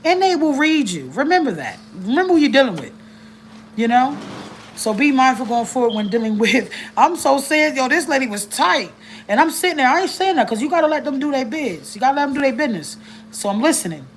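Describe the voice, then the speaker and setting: A woman giving blunt, animated advice to caseworkers, telling stories and cussing freely in a casual livestream. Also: high-pitched, brisk, slight background noise, low-quality recording. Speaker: family advocate speaking to caseworkers.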